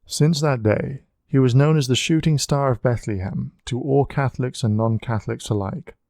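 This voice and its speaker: Mellow-voiced male storybook narrator. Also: mid-range voice, normal speed, creaky, no room sound, studio quality. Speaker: audiobook narrator.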